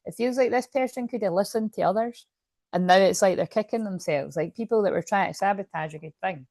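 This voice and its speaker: A woman's voice: mid-range voice, fairly quick, a little mellow, dry recording, clean studio sound. A woman doing a casual tarot card reading to camera, chatty and rambling, often interrupting herself with asides.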